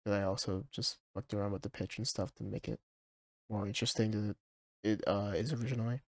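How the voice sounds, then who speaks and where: Low-voiced man casually walking through a track. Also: steady tone, a little fast, no echo, clean studio sound. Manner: hesitant, full of ums and likes. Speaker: music producer. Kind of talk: casual walkthrough of a song project. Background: his track playing clearly underneath.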